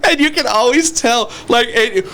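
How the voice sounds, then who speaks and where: A man's voice: very high-pitched, moderate pace, bright, forceful tone. A man co-hosting a podcast, chatting casually and laughing often as he tells stories and acts out the people in them. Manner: laughs often while telling stories, acts out quoted voices. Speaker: podcast co-host. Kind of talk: casual chat.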